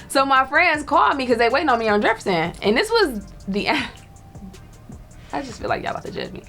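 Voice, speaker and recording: A woman tells a personal story in a relaxed, chatty way. She laughs often and acts out other people's lines as she goes. Faint music plays underneath. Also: high-pitched, brisk. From Detroit. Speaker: storyteller guest. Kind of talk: casual storytelling.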